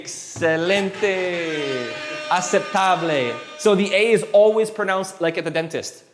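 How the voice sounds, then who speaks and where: Encouraging male teacher, slightly high voice. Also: a little fast, music in the background. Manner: relaxed, encouraging, repeats words and restarts often. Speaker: Spanish teacher. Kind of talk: live classroom lesson. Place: classroom with students.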